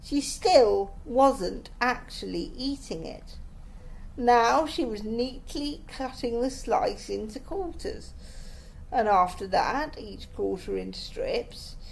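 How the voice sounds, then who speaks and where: A woman reads a children's book aloud to her kids in a high, lively voice. She tells the story slowly and expressively, giving the narration plenty of colour. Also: creaky, a little hiss or hum. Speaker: mother reading to her children.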